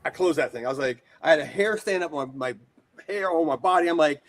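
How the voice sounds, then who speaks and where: A man in his forties from the United States, telling rambling, animated stories as a guest in a casual interview. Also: on the high side, a little fast. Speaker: guest, horror shop owner.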